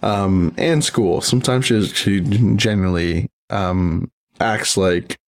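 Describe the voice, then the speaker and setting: A man's voice: sits low, takes it slowly, no room sound, studio quality. A father talking casually about parenting in a rambling, profane way, with many restarts. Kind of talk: casual monologue.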